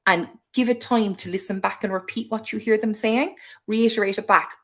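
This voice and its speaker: A woman with a Cork Irish accent giving a parent webinar talk, speaking fast, passionate and playful. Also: mid-range voice, fairly bright tone. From Cork, Ireland. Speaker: hospital play presenter.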